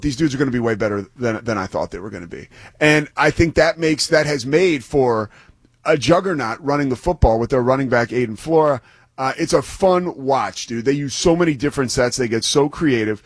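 In casual sports talk, a male broadcaster and guest analyst enthuses about a football game in a loose style with some restarts. He has a mid-range voice, and the studio recording is clean and echo-free.

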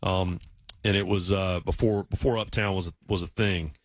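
A man telling casual stories in a relaxed chat, acting out the voices of people he quotes. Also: low voice, normal speed, no echo. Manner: storytelling, acts out quoted voices.

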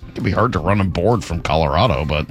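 A man's voice: low voice, lively intonation, quick pace, soft background music. A man hosting a radio show, chatting casually and reacting wryly to listener messages.

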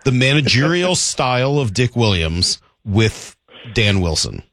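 A male sports radio host with a lively, up-and-down voice. The sound is dry and close. He questions his guest with eager energy. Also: mid-range voice, unhurried, dry recording.

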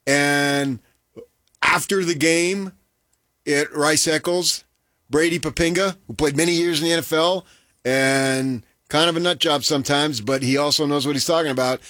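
Male sports radio co-host, higher voice, animated and joking, dry studio sound. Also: moderate pace, no echo. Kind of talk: casual sports talk.

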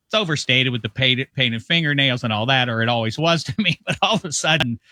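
A man's voice: medium pitch, quick pace, bright, forceful tone, dry recording. A middle-aged man from the Midwest, a football analyst chatting casually on sports radio over a video call, rambling with self-mocking asides.

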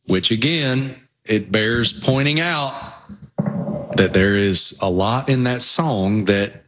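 A man's voice: on the low side, takes it slowly, noisy background. A man with a Southwest Virginia accent, co-hosting a casual sports chat and telling rambling, folksy stories. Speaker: co-host.

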